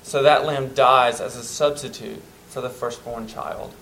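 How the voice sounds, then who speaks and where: A man preaching a sermon, earnest and emphatic, dropping to soft tones at tender moments. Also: medium pitch, fairly even intonation, a little slow, gravelly, slight background noise, low-quality recording.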